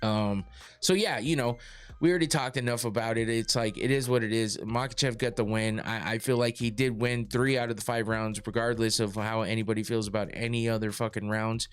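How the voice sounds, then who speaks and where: Foul-mouthed man, smooth clear voice. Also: mid-range voice, fairly even intonation, fairly quick. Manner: profane, rambling, many fillers and restarts. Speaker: podcast host reading live chat. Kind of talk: casual podcast chat.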